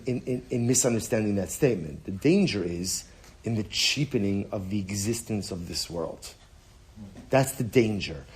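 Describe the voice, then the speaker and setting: A man's voice: on the low side, a little mellow, slightly rough. Man, rabbi, casual Talmud class, conversational, restarts sentences, answers students.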